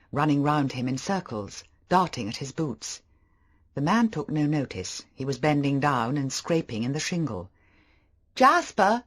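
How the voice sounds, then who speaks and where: A narrator reading a first-person novel aloud, expressive and measured. The voice is breathy and husky, and its pitch moves freely through each sentence. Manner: expressive storytelling delivery. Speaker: audiobook narrator.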